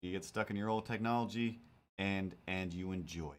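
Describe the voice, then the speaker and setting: A man's voice: sits low, moderate pace. A man streaming while he draws, chatting casually in a rambling, self-mocking, jokey way. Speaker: cartoonist streamer.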